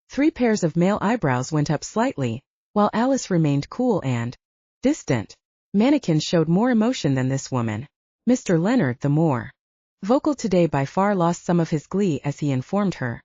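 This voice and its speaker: A woman narrating a scripted audiobook with expressive storytelling, in a slightly muffled lo-fi recording. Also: fairly low pitch, normal speed, no echo.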